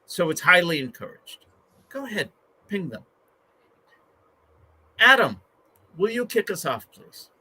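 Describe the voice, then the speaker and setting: Bright, lively male show host. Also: sits high, measured pace, long pauses, slightly rough. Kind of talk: live show hosting.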